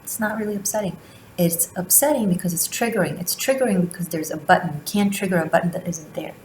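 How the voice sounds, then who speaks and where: A woman with a low voice leads a spiritual tarot reading. She talks slowly and deliberately, leaving long pauses between phrases. The room around her is echoey. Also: a little mellow, a little hiss or hum. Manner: slow, deliberate delivery with drawn-out pauses. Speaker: tarot reader. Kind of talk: spiritual monthly reading, teaching.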